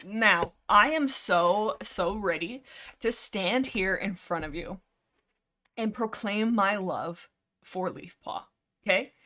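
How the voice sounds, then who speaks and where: A woman hosting a casual book discussion livestream, rambling excitably into a headset mic and packing her talk with fillers. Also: medium pitch, takes it slowly. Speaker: livestream host.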